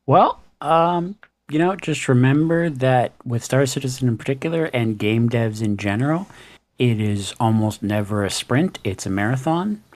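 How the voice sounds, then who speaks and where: A man's voice: mid-range voice, lively intonation, normal speed. Casual man on a gaming podcast. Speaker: podcast co-host.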